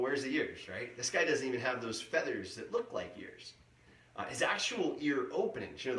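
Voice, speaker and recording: Man, middle-aged, lively up-and-down voice, playful educator, roomy room, mic set back. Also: mid-range voice. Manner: lively, playful, imitates owl calls. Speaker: museum educator. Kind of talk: live educational talk for kids. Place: indoors, museum room. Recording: roomy sound, mic at a distance.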